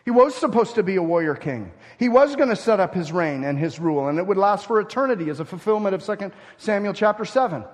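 A male pastor delivers a sermon, leaning hard on emphatic words and then falling back to softer asides. His voice sits a bit high for a man, and a long reverb trails each phrase as it rings through a hall. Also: animated, quick pace, hardly any pauses. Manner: emphatic, swings between loud stresses and quiet asides.

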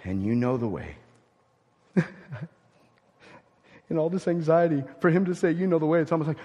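A man preaching a sermon as pastor, swinging from loud emphatic lines to hushed, near-whispered ones. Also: high voice, sing-song, normal speed, long pauses, long reverb tail.

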